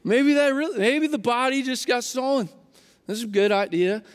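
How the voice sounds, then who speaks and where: Pastor playing a deflated, doubting disciple, mutters lower than his usual voice, in a big echoing hall. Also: normal speed. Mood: glum. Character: glum, skeptical male disciple. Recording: long hall reverb.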